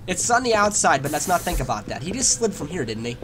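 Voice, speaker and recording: A man giving joking let's play commentary on a horror game, rambling along and breaking into loud yelps when scared. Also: on the high side, very animated, fast. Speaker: gamer playing a horror game. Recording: noisy home recording.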